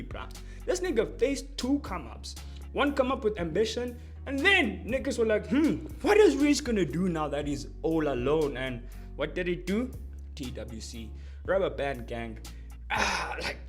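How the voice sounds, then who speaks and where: Young man, high voice, slangy casual lyric breakdown, faint music underneath. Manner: excitable, slangy, explains between quoted bars. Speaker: music commentator.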